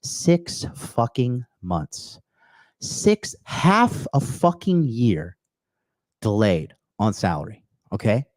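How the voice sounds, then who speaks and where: Male podcast host, crude and emphatic, swears constantly, mid-pitched, recorded dry and close. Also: wildly swooping pitch, slow pace, no echo. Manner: blunt, crude, swears often, repeats okay; emphatic bursts, repeating key phrases. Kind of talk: profane motivational rant with chat replies.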